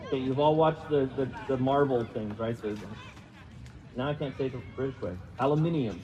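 A pastor with a mid-range, dark voice moves briskly through a sermon, talking casually and joking at his own expense. He puts questions to the congregation and has them echo words. Reverb from the hall and a dull lo-fi quality color the recording.

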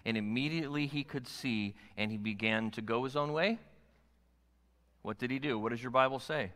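A male pastor preaches in a bright, forceful, mid-range voice at a slightly fast pace, shifting from hushed, intimate moments to loud, urgent exhortation. A long reverb from a large church sanctuary surrounds his words.

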